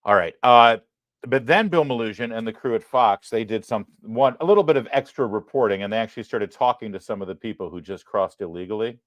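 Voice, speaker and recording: A man hosting a live political commentary show, talking in a sarcastic, emphatic way with quick apologetic asides. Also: lowish voice, fairly bright tone, no echo. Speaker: host.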